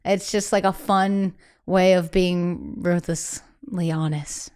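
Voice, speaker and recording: A woman singer talking candidly as a guest in a casual interview, chatty and animated, acting out the voices of people she quotes and filling her speech with "like". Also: on the low side, slow pace, smooth.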